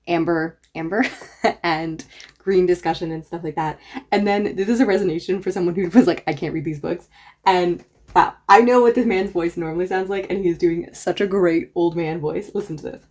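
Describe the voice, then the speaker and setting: A woman's voice: fairly low pitch, darkish tone. A woman book reviewer talking casually and enthusiastically in a reaction vlog. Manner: enthusiastic, chatty.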